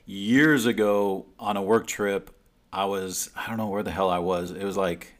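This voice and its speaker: A man co-hosts a podcast over a remote call, rambling through animated stories full of fillers and frequent restarts. His voice is lowish at normal speed, picked up by a remote call mic in casual chat.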